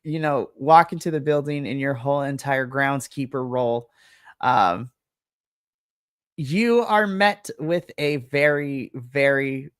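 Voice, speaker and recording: Chatty woman game master, low voice. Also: dry recording, studio quality. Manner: chatty, laughs often, uses like a lot. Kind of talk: narrating a tabletop game on a live stream.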